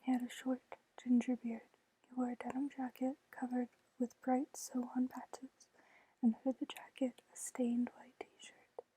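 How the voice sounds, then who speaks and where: A woman reading a novel aloud in a soft unvoiced whisper, whispered role-play style. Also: high-pitched, completely flat delivery, measured pace, slight background noise, poor audio. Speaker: ASMR book reader.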